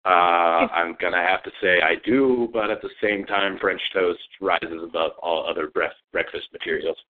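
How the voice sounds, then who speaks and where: A man's voice: low-pitched, steady tone, normal speed. A man being interviewed in a casual online chat, joking and easily sidetracked, heard over a call. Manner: joking, easily distracted, playful. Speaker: interviewee, Let's Play creator. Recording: tinny phone-like call audio.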